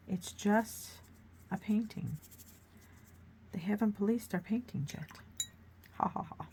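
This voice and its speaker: An adult art tutorial host, herself the grown child of a mother who paints, runs a casual painting demonstration, chatting, encouraging viewers and thinking aloud as she works. Her mid-range voice is mellow and slow, with frequent pauses and a little hiss or hum in the audio.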